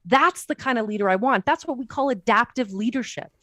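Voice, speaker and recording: A woman's voice: on the high side, fairly quick, a bit bright, dry recording. A woman, speaking as a political commentator on a panel in an impassioned, emphatic way full of rhetorical questions. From Canada. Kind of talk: panel discussion.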